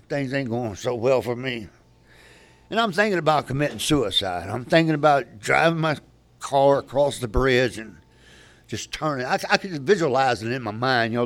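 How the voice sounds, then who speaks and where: Older man telling his recovery story. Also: medium pitch. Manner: candid, rambling, with frequent restarts. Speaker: speaker at a recovery meeting.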